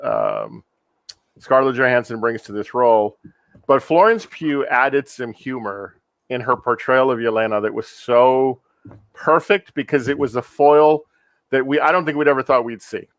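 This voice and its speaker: A man leads a relaxed movie review conversation, steering the talk and laughing easily. His voice sits in a middling register and is recorded dry and close, with no room sound. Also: medium pitch, moderate pace, no echo. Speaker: podcast host. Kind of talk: casual movie review chat.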